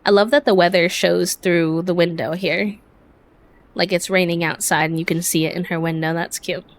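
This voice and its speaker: A woman's voice: fairly low pitch, fairly even intonation, moderate pace. A woman streaming a farming game, chatting casually with her viewers in a self-deprecating, giggly way. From United States. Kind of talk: casual chat while gaming.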